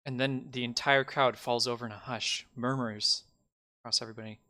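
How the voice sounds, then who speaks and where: A man's voice: medium pitch, fairly even intonation, a little fast, bright, forceful tone. A man narrating a tabletop game as game master in a casual, loose way. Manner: casual narration with fillers, swearing.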